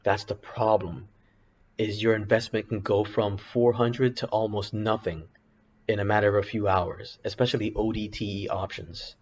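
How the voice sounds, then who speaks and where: A man with a lowish voice hosts a casual trading walkthrough, rambling and backtracking between points. The recording is muffled and lo-fi, with a faint hiss behind him. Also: fairly even intonation, normal speed, a little mellow. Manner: rambling, self-correcting, apologetic asides. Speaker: options trading video host. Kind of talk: casual screen-share commentary. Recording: dull lo-fi sound with faint background hiss.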